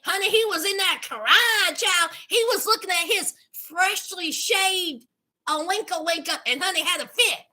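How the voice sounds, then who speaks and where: A woman's voice: extremely high pitch, bright, forceful tone. A woman giving a sassy, dramatic casual commentary recap as a YouTube host, calling her listeners honey and child.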